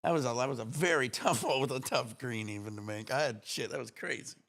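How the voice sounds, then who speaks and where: A man talks through his gaming livestream with a gravelly, fry-heavy voice at a middling pitch. He is excitable and casual, swearing freely and letting out breathy exclamations as he chats to viewers. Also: quick pace, a little hiss or hum. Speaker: livestream gamer.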